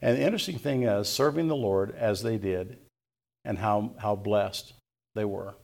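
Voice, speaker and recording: A man in his sixties preaching a sermon as pastor, telling a personal story in a folksy way and softly quoting the people in it. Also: lowish voice, normal speed, gravelly.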